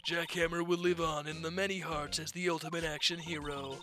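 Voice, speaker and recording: A man's voice: fairly high pitch, level tone, fairly quick, lightly acted. A man putting on a grumpy gossipy old woman guard. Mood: gossiping. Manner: nagging, scolding, rambling. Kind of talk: fan voicing a game aloud.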